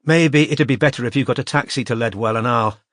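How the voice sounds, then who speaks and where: A man's voice: medium pitch, a little fast, a bit bright, no room sound, lightly acted. A man voicing a determined young woman detective who speaks firmly and coolly, in a dry audiobook recording. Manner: firm and cool.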